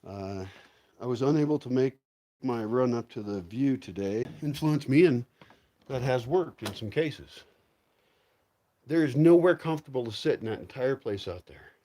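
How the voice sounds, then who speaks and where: A man with a medium-pitched, dark-toned voice talks at a normal speed with lively intonation. He's a vlogger rambling casually through a vlog at home, swearing freely and wandering around outdoors as he goes, talking to himself and to his dogs.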